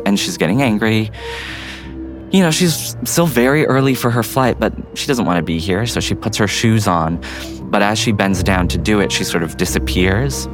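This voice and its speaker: A man's voice: lowish voice, moderate pace, music in the background. A man narrating an improvised bedtime story in a rambling way full of fillers. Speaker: guest storyteller.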